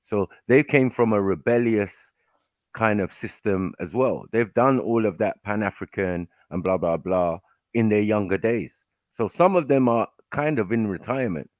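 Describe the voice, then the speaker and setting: Panelist, low voice, measured, dull dry call sound. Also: male voice, no room sound. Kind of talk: livestream panel debate.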